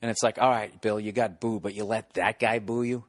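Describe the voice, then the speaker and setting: Fairly low and fairly quick, with no echo, this is the voice of a Boston-accented comedian in his forties. He's an animated, profane storyteller in casual conversation, playing out the people in his tales, yelling hecklers among them.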